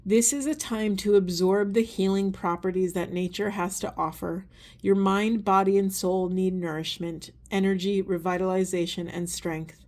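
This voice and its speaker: A woman giving a spiritual oracle card reading, earnest and gentle, often trailing into soft, hushed asides. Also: on the low side. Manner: gentle, earnest, rambling with self-corrections. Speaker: tarot and oracle card reader.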